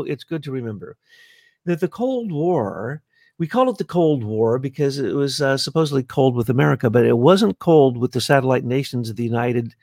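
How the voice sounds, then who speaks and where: A man hosting a podcast conversation in an animated, jokey way. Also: medium pitch, no room sound, clean studio sound.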